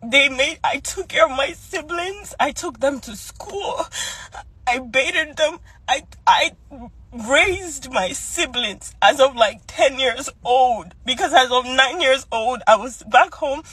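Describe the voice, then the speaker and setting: A young woman crying as she talks in a personal vlog, halting and restarting her sentences. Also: sits high, expressive, fairly bright tone, dry recording, low-quality recording. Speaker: vlogger.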